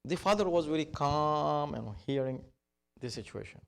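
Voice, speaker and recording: A man preaching a sermon, telling a story in an animated way. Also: a little high, normal speed, vocal fry, smooth.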